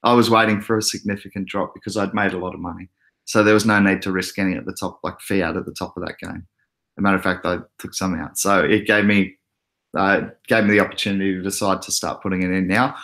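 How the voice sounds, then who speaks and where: A young Australian man with a deep voice and a quick pace hosts a casual crypto livestream. Relaxed and chatty, he laughs often while reading out the chat.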